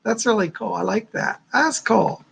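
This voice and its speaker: This is a man running a live psychic reading session, warmly relaying messages to viewers one after another. His voice carries a gravelly crackle and a breathy, husky texture. He talks in an effusive, rambling way, full of thanks and blessings. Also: high-pitched, normal speed. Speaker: psychic host.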